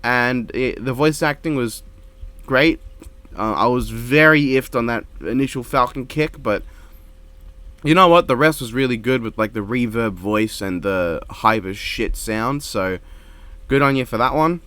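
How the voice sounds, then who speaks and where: Quiet monotone man, dry close sound. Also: mid-range voice, measured pace, clean tone, dry recording. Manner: quiet monotone delivery, rambling with restarts. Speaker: reaction video creator. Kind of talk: casual reaction commentary. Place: home. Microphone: desk microphone.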